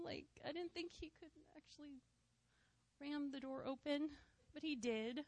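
A woman's voice: mid-range voice, steady tone, normal speed, a little mellow, no echo. A woman, a worship leader and mother, giving an earnest personal testimony to a church, with frequent "you know" asides. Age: adult, a mother of school-age kids.

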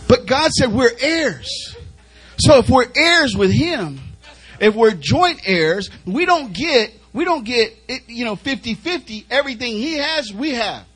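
In a low-quality recording, a male preacher with a very high, slightly bright, breathy voice preaches unhurriedly, his pitch swinging widely. His sermon is emphatic and repetitive, pressing the congregation on.

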